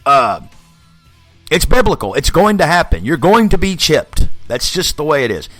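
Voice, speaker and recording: Profane ranting man with a lively voice. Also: on the high side, normal speed, dry recording, faint music behind. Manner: profane, blunt, animated, laughs often. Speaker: podcast host. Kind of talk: ranting solo monologue.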